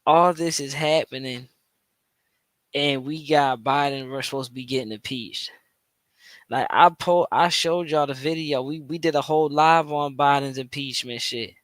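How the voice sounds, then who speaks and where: A man's voice: fairly high pitch, normal speed, no room sound. A man hosting a podcast, reacting to a played clip in casual, slangy commentary full of restarts and repetition. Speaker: podcast host.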